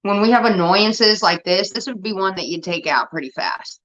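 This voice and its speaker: Irritated with her mods, this livestream host keeps the casual chat blunt and full of swearing. She speaks at a medium pitch and a moderate pace, with lively intonation and a fairly bright tone, over dull lo-fi stream audio.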